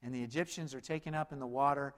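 A man preaching a sermon, swinging between loud, urgent stretches and low, quiet emphasis. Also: steady tone, quick pace. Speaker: pastor. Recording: long hall reverb.

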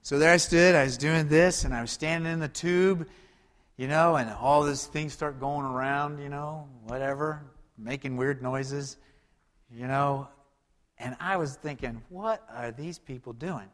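A man preaching a sermon in a conversational way, asking rhetorical questions and swinging between loud and soft. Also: on the high side, fairly even intonation, unhurried. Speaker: pastor. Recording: long hall reverb.

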